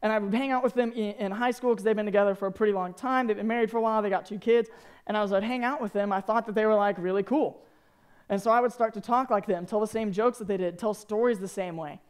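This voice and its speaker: Young guy from arkansas preaching to teens, high voice, cracks jokes, super animated. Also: fast talker, clear, resonant tone. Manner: animated, joking storyteller. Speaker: youth speaker. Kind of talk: sermon to students.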